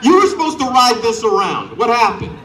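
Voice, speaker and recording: A man's voice: very high voice, wildly swooping pitch, brisk, fairly bright tone, roomy sound, far from the mic. A man doing a stand-up set outdoors, teasing the crowd and acting out characters. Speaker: stand-up comedian. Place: outdoor show on a front lawn. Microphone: corded handheld mic.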